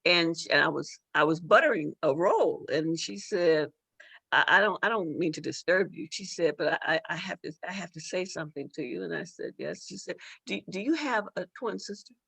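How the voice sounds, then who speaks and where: A woman's voice: fairly low pitch, expressive, fairly quick, creaky, fairly bright tone, slightly rough, no echo. A middle-aged woman, a judge and author, telling a personal story as an interview guest, emotional and full of repeated words and restarts. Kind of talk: storytelling in a talk-show interview.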